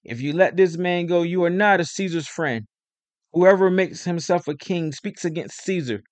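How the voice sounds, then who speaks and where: A man voicing an angry crowd of priests, loud and insistent. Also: on the high side, normal speed, no echo, lightly acted.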